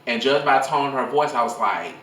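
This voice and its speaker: A man's voice: mid-range voice, a little fast, reverberant, recorded from a distance. A young man telling school stories in a casual vlog, rambling and swearing freely into his phone. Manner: rambling, profane, animated storytelling.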